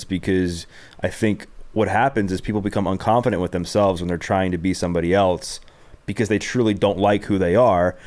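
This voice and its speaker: A man's voice: low-pitched, a little mellow. A man hosting a podcast interview, asking long, earnest questions and circling his points with fillers. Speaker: podcast host. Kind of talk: casual interview chat.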